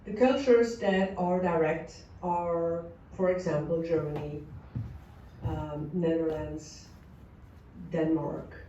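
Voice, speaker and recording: Woman lecturing real slow, mellow voice, sounds far off in an echoey room. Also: on the low side, fairly even intonation, slight background noise. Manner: slow, explanatory, acts out short quoted examples. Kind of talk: recorded lecture on culture. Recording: echoey, distant, dull audio.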